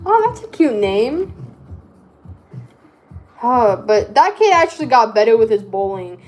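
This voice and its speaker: Slow-talking woman who can't pronounce R's. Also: fairly high pitch, expressive, a little mellow, soft background music. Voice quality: speech impediment, trouble pronouncing R's. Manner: rambling, chatty, self-interrupting. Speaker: vlogger. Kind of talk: casual chat while crafting.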